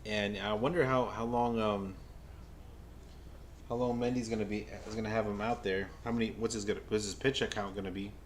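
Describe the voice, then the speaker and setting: A man livestreaming a baseball game as a fan, giving casual play-by-play to his chat, stammering and repeating himself, then bursting out when a play excites him. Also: on the low side, brisk, a little hiss or hum. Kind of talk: casual live game watch-along commentary.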